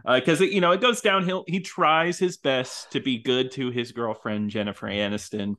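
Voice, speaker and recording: A man's voice: mid-range voice, normal speed, sharp tone. A man co-hosting a podcast, chatting casually about a film, often laughing between his thoughts. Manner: laughs often, lots of ums and likes. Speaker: podcast co-host. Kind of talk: casual chat about a movie.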